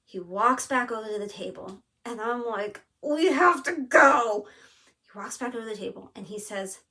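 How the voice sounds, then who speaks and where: A woman hosting a craft video, telling a story in a casual, animated way and acting out what people said. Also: mid-range voice, a little fast. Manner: animated, lots of "like" and quoted asides. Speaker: flosstube host.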